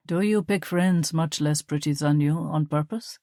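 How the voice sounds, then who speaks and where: Woman reader as young German suitor, charming but possessive, smooth with a sharp edge, lowish voice, dry booth sound. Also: moderate pace, no room sound.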